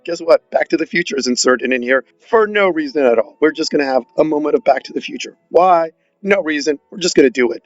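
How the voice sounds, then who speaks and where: Guy ranting about a bad movie, kinda high voice, sarcastic, dull dry recording w faint music behind. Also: no echo. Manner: sarcastic, exasperated, mocking quoted voices. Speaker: film reviewer. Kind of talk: opinionated film review monologue.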